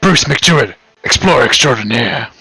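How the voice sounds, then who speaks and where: A man's voice: mid-range voice, expressive, moderate pace, creaky, pushed and bright, slightly rough, dry recording, rough recording. Brief: male player, dry close sound, eager grand in-character lines. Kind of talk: in-character tabletop role-play.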